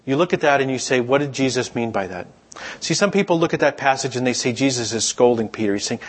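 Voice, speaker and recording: A middle-aged man giving a sermon in a relaxed, conversational storytelling way, sometimes acting out the voices of people he quotes. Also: mid-range voice, fast talker. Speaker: pastor.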